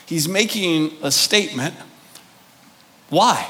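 A man preaching a sermon, emphatic and deliberate, firing rhetorical questions at his congregation. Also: high voice, animated, pushed and bright. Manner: drawn-out, deliberate delivery with pauses. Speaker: pastor.

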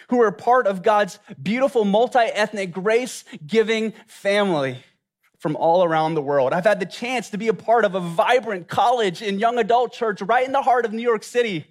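A man with a drawl preaching from the pulpit, his voice sitting high for a man. He speaks earnestly and often pauses on reflective questions. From Louisiana, USA. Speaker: pastor. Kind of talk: sermon.

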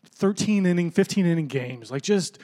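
A man co-hosting a podcast, chatting casually about sports in an eager, agreeable way with quick back-and-forth. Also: high-pitched, expressive, dark tone. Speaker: podcast co-host.

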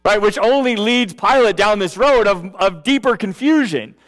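A man's voice: high-pitched, animated, moderate pace, a bit bright. A man giving a conversational sermon as pastor, often checking in with the listeners and restarting his phrases. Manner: casual, checks in with "okay" and "right"; frequent restarts and repeated words.

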